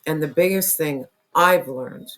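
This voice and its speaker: A tarot reader losing their voice, who keeps clearing their throat and talks earnestly and repetitively straight to the viewer. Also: mid-range voice, a little slow, fairly bright tone. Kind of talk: casual spiritual tarot reading to camera.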